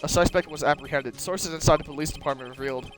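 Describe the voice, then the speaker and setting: Measured newsreader voice, slightly high, as a man reads him. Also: music in the background, natural voice. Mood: formal. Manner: announcer-like, measured reading. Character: formal male TV news anchor.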